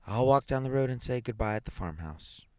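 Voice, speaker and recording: A man's voice: medium pitch, expressive, brisk, dry recording, pitched above the performer's own voice, natural voice. A man voicing a frightened pleading wife. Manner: pleading, gasping, anxious.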